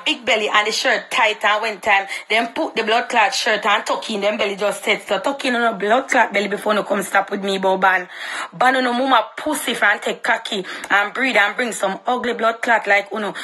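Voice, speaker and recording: A woman's voice: medium pitch, pushed and bright, poor audio. A young Jamaican woman with a Jamaican accent delivering a confrontational, profanity-laced social media rant.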